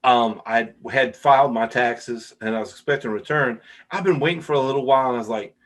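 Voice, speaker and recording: A man's voice: mid-range voice, brisk. Man, middle-aged, podcast host, casual interview chat, enthusiastic. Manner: enthusiastic, repeats "wow".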